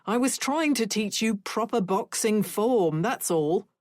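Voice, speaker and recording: A woman's voice: mid-range voice, expressive, unhurried, darkish tone, no room sound, clean studio sound, lightly acted. A woman voicing a brusque father who brushes off blame and turns defensive. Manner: brusque, dismissive. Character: gruff British father, dismissive and defensive.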